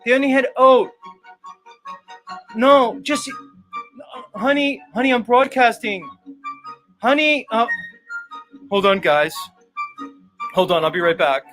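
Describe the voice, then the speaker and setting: Whiny, giggly parody of a needy male streamer, pitched up high, as a man puts him on. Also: takes it slowly, long pauses, a bit bright, soft background music, full character voice, rough recording. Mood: flustered.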